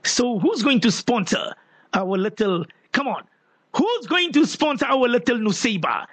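Husky high-voiced radio host. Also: male voice, sing-song, a little slow, a bit bright, no room sound. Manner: rambling, repeats himself. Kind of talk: call-in radio chat.

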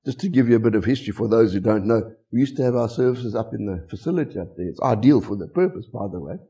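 Animated South African pastor, gravelly voice. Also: male voice, on the low side, fast. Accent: South African English. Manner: animated storytelling, rhetorical questions. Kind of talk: sermon.

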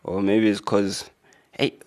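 A man hosting a radio show, reading out a news article with relaxed, rambling commentary and joking asides. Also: lowish voice, slow. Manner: laid-back, rambling, joking asides with fillers.

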